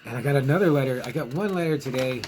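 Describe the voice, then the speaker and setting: A man's voice: mid-range voice, racing, darkish tone, soft background music, rough recording. A man talking casually and hesitantly, rambling with fillers and restarts as he chats and reads out letters from fans. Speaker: zine editor reviewing movies. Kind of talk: casual vlog monologue, reading fan letters.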